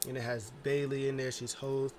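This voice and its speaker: A man's voice: mid-range voice, little pitch movement, moderate pace, a little mellow, slight background noise. A man giving a loose, rambling casual recap monologue, full of filler words and restarts. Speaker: wrestling show reviewer.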